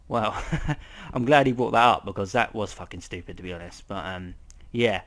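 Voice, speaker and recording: Young man, slightly low voice, casual rambling reviewer, cusses a lot, frequent ums. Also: normal speed, fairly bright tone. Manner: rambling, swears often, many ums. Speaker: wrestling show reviewer.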